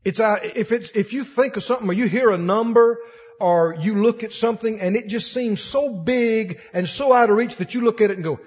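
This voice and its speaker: Man preaching, folksy and animated, husky high voice, dull lo-fi sound with long hall reverb. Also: fairly quick. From Mississippi, US. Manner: folksy, animated, laughing asides. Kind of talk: sermon.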